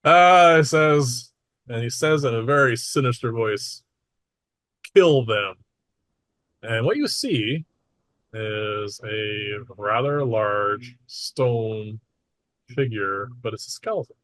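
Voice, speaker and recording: A man running a tabletop game as game master, narrating in a relaxed, matter-of-fact way with small asides. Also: medium pitch, takes it slowly, no room sound.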